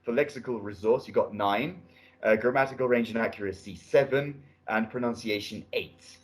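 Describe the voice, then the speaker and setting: A man's voice: mid-range voice, moderate pace. A middle-aged British man giving spoken feedback as a speaking test examiner. He is encouraging and often restarts phrases. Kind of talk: spoken feedback on a mock exam. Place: indoor room at a language academy.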